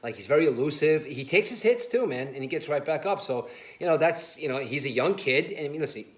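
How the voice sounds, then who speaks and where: Fast-talking man in a roomy sports chat. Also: a little high. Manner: animated, laughing storyteller, says "listen" and "you know" a lot. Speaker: sports show co-host.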